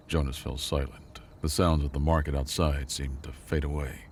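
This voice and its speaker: A man narrating a scripted sci-fi story in a measured, even way. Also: a bass voice, a little hiss or hum.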